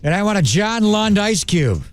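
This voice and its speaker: A man hosting sports radio in a studio, teasing his co-hosts in gruff, wisecracking banter. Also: high-pitched, sing-song, moderate pace.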